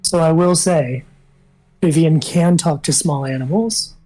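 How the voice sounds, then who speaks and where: A woman playing a tabletop game, describing her character's actions in a relaxed way. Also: low-pitched, unhurried, poor audio. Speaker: player. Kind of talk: tabletop role-play.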